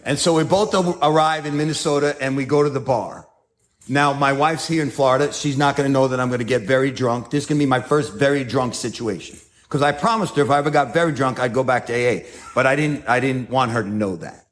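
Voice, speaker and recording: A man's voice: medium pitch, fast talker. A man with a New York accent telling his story as a speaker at a recovery meeting, acting out scenes with self-mocking humor.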